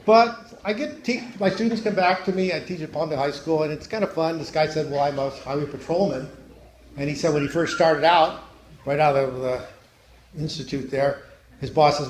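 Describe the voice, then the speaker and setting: A middle-aged man doing stand-up at a church, telling joke stories with deadpan delivery and punchlines that drop low and quiet. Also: normal speed. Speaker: stand-up comedian. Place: church hall. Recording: echoey hall, faint noise.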